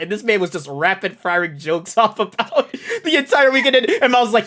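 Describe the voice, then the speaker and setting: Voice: mid-range voice, animated, fairly quick, few pauses, a bit bright. A podcast co-host in casual chat, telling a story with dry interjections.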